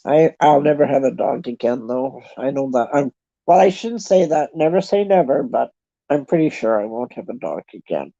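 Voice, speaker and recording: A Canadian woman in a casual chat, talking in a chatty, self-deprecating way and thinking out loud. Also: extremely low pitch, sing-song, normal speed, vocal fry, no room sound. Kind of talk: casual chat with online viewers. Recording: dull lo-fi sound.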